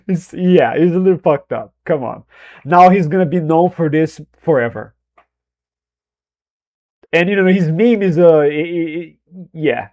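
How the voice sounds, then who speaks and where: A Brazilian man with a Brazilian Portuguese accent talks to his viewers in a loose live-stream chat. His voice sits a little high for a man, and he teases and jokes, laughs freely and drops casual swears. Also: expressive, unhurried, pauses often, darkish tone. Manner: playful, teasing, laughs often, swears casually.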